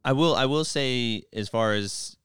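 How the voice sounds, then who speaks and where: A man guesting on a podcast, explaining client relationships in relaxed casual chat. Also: medium pitch, unhurried, smooth, dry recording, studio quality. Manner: relaxed, uses filler "you know". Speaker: podcast guest, design business.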